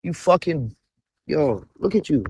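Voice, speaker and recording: Reaction commentator, forties, mid-pitched, blunt and profane, scolding; dry close recording. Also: lively intonation, darkish tone, slightly rough, dry recording. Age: 40s. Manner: rapid-fire rhetorical questions. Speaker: commentator reacting to a reality show.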